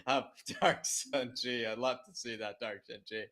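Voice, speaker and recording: A man's voice: mid-range voice, fairly even intonation, normal speed, sharp tone. A man co-hosting a football watch-along, rambling and joking, repeatedly turning to his co-host by name. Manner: rambling, jokey, keeps saying his co-host's name.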